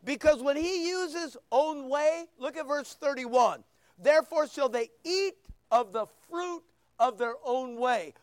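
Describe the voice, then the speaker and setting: A man's voice: very high-pitched, slow pace, no echo. A man preaching a sermon, reading scripture and acting out voices as he goes. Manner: animated preaching, acts out quoted voices. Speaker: pastor.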